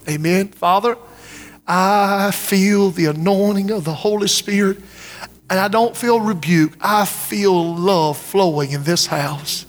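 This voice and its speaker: A high-pitched male preacher delivers an impassioned revival sermon in a church sanctuary, pleading again and again for listeners to step out. His voice rings with the long reverb of a large hall. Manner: impassioned, repetitive pleading calls. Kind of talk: revival sermon with altar call.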